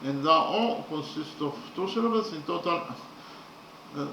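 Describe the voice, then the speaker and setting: A man lecturing slowly and methodically, often pausing with fillers as he works through his points. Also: fairly high pitch, animated, background noise. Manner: slow, methodical, hesitant with frequent fillers. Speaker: literature teacher. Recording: echoey room.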